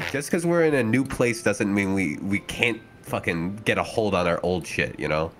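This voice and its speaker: A man's voice: fairly low pitch, expressive, moderate pace, fairly bright tone, soft background music. A young man playing in a tabletop game, talking bluntly and swearing often. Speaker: player. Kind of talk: casual chat and in-character play.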